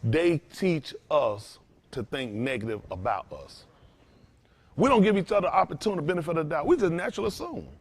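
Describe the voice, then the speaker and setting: Preaching man, emphatic and loud. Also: on the high side, very animated, a little fast, slightly rough. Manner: loose, emphatic, rising to loud bursts. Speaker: pastor. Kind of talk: preaching to a congregation.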